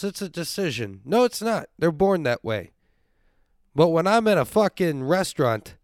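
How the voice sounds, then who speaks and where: A man's voice: on the high side, no echo, studio quality. A sick, congested young man hosting his podcast, rambling and joking with plenty of swearing. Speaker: podcast host. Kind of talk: casual comedic monologue.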